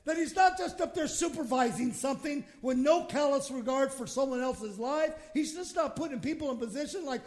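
High-voiced pastor preaching with passion. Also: male voice, brisk, hardly any pauses. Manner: impassioned preaching, swings from hushed to shouting; acts out quoted prayers in his own voice. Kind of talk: sermon.

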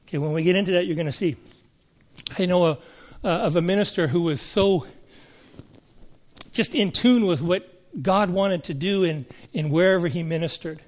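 High-voiced man preaching a sermon. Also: moderate pace, long pauses. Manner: conversational, asks the congregation questions. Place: church service before a congregation.

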